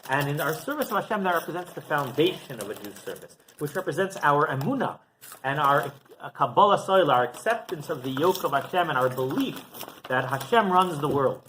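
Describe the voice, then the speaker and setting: A man's voice: on the high side, a little fast, a little hiss or hum, poor audio. A male rabbi giving a Torah class, telling stories animatedly and often checking in with "right?". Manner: animated storytelling with frequent "right?".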